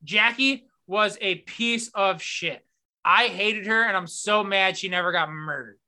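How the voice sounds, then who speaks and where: A man hosting a casual podcast, telling stories with lots of profanity and animated retellings. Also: high voice, measured pace. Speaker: podcast host. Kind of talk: casual sports podcast chat.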